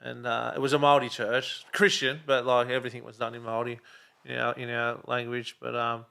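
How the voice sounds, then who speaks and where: Blunt, sweary Australian guest, bright voice. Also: male voice, mid-range voice, monotone, fairly quick, creaky, smooth. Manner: blunt, swears a lot, many fillers. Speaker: podcast guest. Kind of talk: casual chat.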